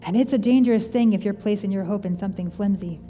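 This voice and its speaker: A woman in her thirties preaches a sermon as a pastor addressing her congregation in a church auditorium, speaking fast in a warm, mid-range voice. Her tone is conversational, earnest and personal, with soft background music. The recording carries the long reverb of a large hall.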